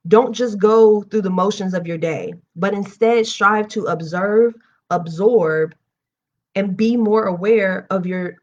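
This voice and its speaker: A young woman reads a book aloud on a live stream and drifts into frank, lively asides of her own. Her voice sits at an ordinary pitch, and the audio is a little dull and lo-fi. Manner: animated and candid, breaks off reading into personal asides. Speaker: host reading books aloud on a livestream. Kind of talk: reading aloud and casual chat.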